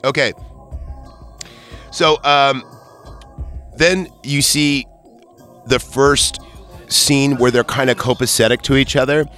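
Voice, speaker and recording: A man co-hosting a casual movie podcast, rambling and swearing as he acts out scenes in quick voices. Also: medium pitch, fairly even intonation, a bit bright, faint music behind. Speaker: podcast co-host.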